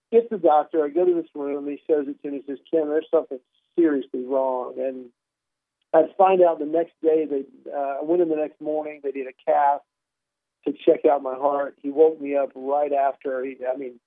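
Male comic guest, wry and lively storyteller, somewhat high voice, dry phone-line sound. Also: dry recording. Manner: animated, wry storyteller who plays out dialogue. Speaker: comedian guest. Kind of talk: conversational storytelling.

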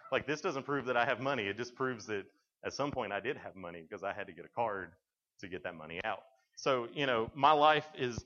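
A young Tennessee man with a Southern accent speaks at a middle pitch, joking his way through stories for a room of students. He slips into the other people's voices as he recounts conversations. The recording is dull and lo-fi. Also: fairly bright tone. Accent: Tennessee Southern American. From Tennessee, USA. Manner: joking storyteller who acts out dialogue. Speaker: youth speaker. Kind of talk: humorous talk to students.

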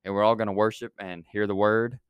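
A man's voice: lowish voice, fairly even intonation, fast, smooth, no echo. Guy hosting a church youth podcast, rambles a lot, clean dry close mic. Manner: rambling, with many fillers and restarts. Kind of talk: casual chat and prayer.

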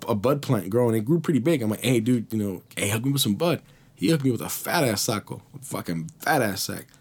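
A man hosting a podcast, telling a rambling, slang-heavy story full of swearing. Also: mid-range voice. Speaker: podcast host. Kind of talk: casual storytelling.

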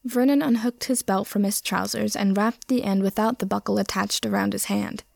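A woman reading fan fiction aloud in a steady, plain storytelling manner. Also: mid-range voice, moderate pace, vocal fry, no room sound, studio quality. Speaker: reader.

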